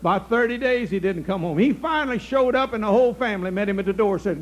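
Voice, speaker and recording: Folksy older comedian, high voice. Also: male voice, animated, fast, few pauses. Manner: folksy, chuckles at his own jokes. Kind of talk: stand-up comedy monologue. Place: outdoor stage.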